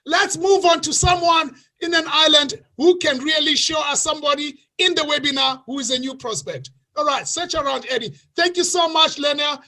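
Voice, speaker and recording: Very high, bright-voiced excitable man. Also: normal speed, hardly any pauses. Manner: excitable, often shouting. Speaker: webinar host. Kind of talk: hyped online sales webinar.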